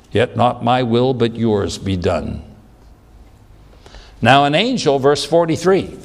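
A man preaching a sermon in an emphatic, repetitive way, acting out the lines he quotes. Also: mid-range voice. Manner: emphatic, repeats words, acts out quoted lines. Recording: long hall reverb.

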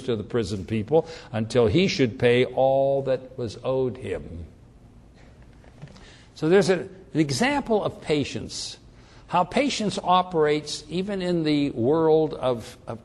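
A man preaching a sermon, telling the story with animated delivery and frequent restarts. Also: medium pitch.

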